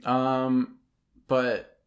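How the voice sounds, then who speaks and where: A man's voice: medium pitch, completely flat delivery, extremely slow. A young man telling a long personal story in casual, rambling podcast talk, full of ums and likes, mimicking people who nagged him. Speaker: podcast guest, photographer.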